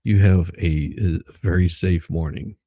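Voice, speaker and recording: A man's voice: sits low, steady tone, measured pace, mellow, no echo. A man hosting a casual morning livestream, laughing often and greeting chat viewers by name. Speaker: livestream host.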